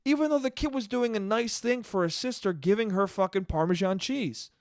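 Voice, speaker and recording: Brisk and high-voiced, this man hosts a podcast solo, telling a rambling, profane story and often starting his sentences over. The recording is dry and of studio quality.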